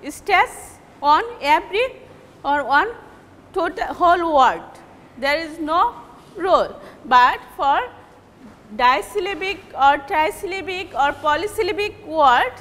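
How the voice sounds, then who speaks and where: A woman with a Bangladeshi English accent, giving a classroom lecture on word stress in slow, halting phrases and repeating example words. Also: very high voice, fairly bright tone, in a large hall. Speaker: English teacher.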